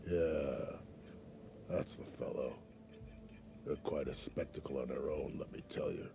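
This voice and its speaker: An actor voicing a gruff, weathered male scout in a video game, with an extremely deep, gravelly voice and a measured, matter-of-fact delivery. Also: fairly even intonation, noisy background, exaggerated voice. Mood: steady.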